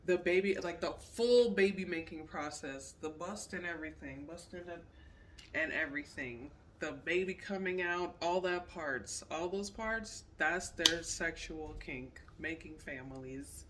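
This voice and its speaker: Slow-talking tarot reader, slightly distant. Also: mid-range voice, fairly bright tone, slight background noise. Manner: repetitive, emphatic, says "period" often. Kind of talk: casual pick-a-card tarot reading.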